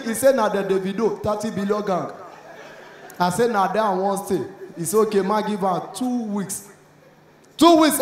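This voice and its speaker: On a comedy club stage before a live audience, a Nigerian-accented stand-up comedian performs his routine, voicing both sides of a story in Pidgin and shouting at the punchlines. His voice sits high. The venue echoes, with faint crowd noise.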